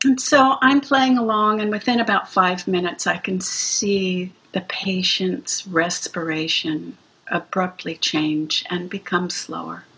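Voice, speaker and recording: A woman recounting a hospice experience in an interview, gently and reflectively. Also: lowish voice, steady tone, vocal fry, husky, low-quality recording. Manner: gentle, slow, reflective storytelling. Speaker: music practitioner playing for hospice patients. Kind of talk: interview storytelling.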